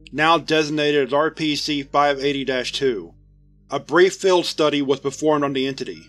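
A man narrating a scripted horror report in an even, report-like reading. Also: fairly high pitch.

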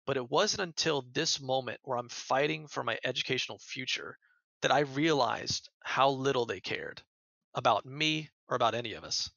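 A man's voice: medium pitch, moderate pace, vocal fry, sharp tone, no room sound, muffled recording. An American man who is a podcast guest, earnestly retelling events in a casual interview and often repeating words as he goes. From United States.

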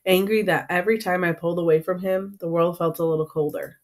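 A woman's voice: on the low side, fairly even intonation, fast. A woman narrating an audiobook in first person with an earnest, emotional delivery.

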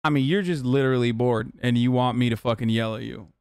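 A man's voice: medium pitch, fast, smooth, no echo, clean studio sound. A man in his thirties from the United States, commenting on a live stream and ranting at his chat in a profane, exasperated way. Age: 30s. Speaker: streamer reacting to a video.

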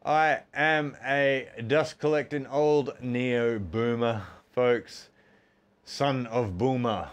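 A man's voice: medium pitch, fairly even intonation, extremely slow, clean tone. An Australian man in his forties chatting casually and self-mockingly to his viewers while doing push-ups, counting reps between jokes. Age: 40s. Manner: chatty, self-mocking, keeps calling the audience folks. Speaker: fitness streamer. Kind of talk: casual chat while working out.

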